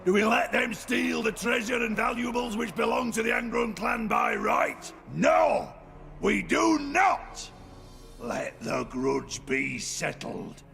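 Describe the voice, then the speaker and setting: An actor playing a fierce male dwarf lord who rallies his clan in a game battle speech, in a gravelly, bellowing voice. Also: very high-pitched, lively intonation, slow, bright, forceful tone, heavily acted. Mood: rousing. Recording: game audio with faint music.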